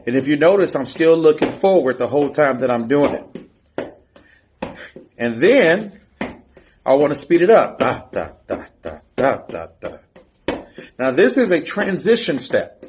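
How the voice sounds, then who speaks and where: A man's voice: a little high, animated, measured pace, long pauses, noisy background. A man coaching a step team in an instructional video, counting and chanting the beat while he demonstrates. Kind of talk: instructional video teaching drills.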